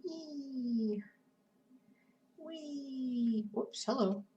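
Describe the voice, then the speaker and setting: A woman's voice: high-pitched, very slow, warm tone, far from the mic, muffled recording. A woman chatting casually with her live-stream viewers while she cross-stitches, often muttering to herself as she works. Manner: chatty, talks to herself and chat while working.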